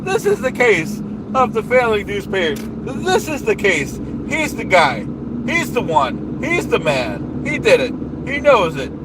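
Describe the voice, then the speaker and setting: A man's voice: high voice, wildly swooping pitch, measured pace. A man doing a comedic in-character rant as a livestreamer, bombastic, boastful and repetitive, recorded in a car. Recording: noisy car interior.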